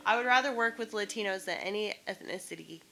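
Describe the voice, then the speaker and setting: A woman's voice: mid-range voice, fast, gravelly, bright, forceful tone. A woman in a casual, blunt monologue, airing opinions and swearing freely.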